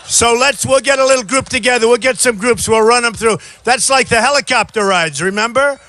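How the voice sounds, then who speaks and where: A man in his sixties giving an off-the-cuff campaign rally speech outdoors, rambling and repetitive, often shouting to a crowd. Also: extremely high pitch, a little fast. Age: 60s. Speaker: presidential candidate.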